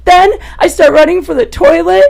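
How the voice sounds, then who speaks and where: Woman, comedian, podcast guest, raunchy storytelling, animated, laughing. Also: moderate pace, creaky. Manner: animated, gets loud and high-pitched as the story peaks; laughs through her own story.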